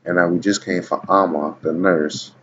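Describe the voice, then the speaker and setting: A man's voice: deep voice, steady tone, moderate pace, a bit bright. A man reading dictionary entries aloud in a casual video, stopping often to tell the listener to watch and keep listening. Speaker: video blogger. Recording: dull lo-fi recording with faint background noise.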